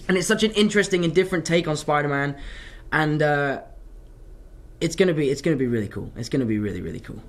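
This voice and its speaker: A young man, an actor answering fan questions in a casual live chat, telling stories in an animated, self-mocking way. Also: on the high side, fast.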